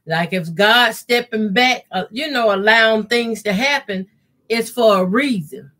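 A middle-aged woman, hosting a casual quilting live stream, reading viewer comments and praying aloud with deep feeling. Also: unhurried, fairly bright tone. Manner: heartfelt, prays aloud with deep emotion. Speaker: quilting channel host.

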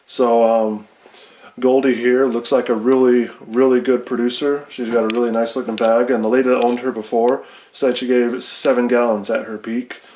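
A man's voice: medium pitch, level tone, normal speed, a little mellow, echoey room, a little hiss or hum. A young man vlogging from his phone in a small shed at night, talking casually with lots of fillers and rambling. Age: young adult. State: out of breath. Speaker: vlogger farmer. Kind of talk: casual vlog narration. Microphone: phone camera.

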